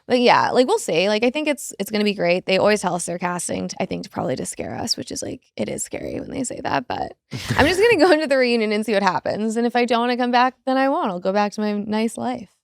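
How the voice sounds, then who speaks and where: A woman's voice: mid-range voice, sing-song, quick pace, vocal fry, no room sound, studio quality. A woman from Massachusetts, a reality TV cast member, chatting casually as a podcast guest in a playful, filler-heavy valley-girl lilt. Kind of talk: casual chat. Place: studio couch.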